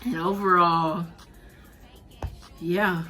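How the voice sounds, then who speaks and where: A 19-year-old woman vlogger telling a casual, slangy storytime, animated and laughing as she goes. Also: lowish voice, extremely slow, faint music behind.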